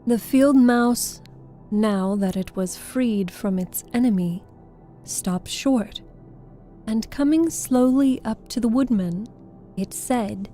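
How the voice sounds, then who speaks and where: Slow gentle woman storyteller. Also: mid-range voice. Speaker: audiobook narrator. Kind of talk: scripted audiobook narration.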